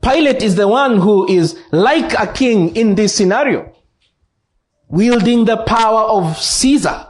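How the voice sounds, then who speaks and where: A man with a Kenyan English accent preaching an expository sermon in church, slow and deliberate, repeating key phrases for emphasis. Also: high voice, lively intonation. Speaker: pastor.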